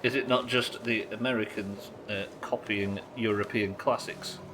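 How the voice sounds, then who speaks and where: A man's voice: fairly low pitch, steady tone, normal speed, background noise. A man with a Yorkshire accent, chatting casually and swearing freely while streaming a game to his viewers. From Yorkshire, England. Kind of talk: casual live-stream gameplay chat.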